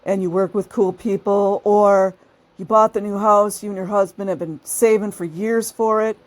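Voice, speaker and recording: A woman talks casually straight to her viewers, chatty and easygoing. She breaks into laughter often and acts out the people she describes. Her voice sits at an ordinary middle pitch. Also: steady tone, moderate pace. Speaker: channel host.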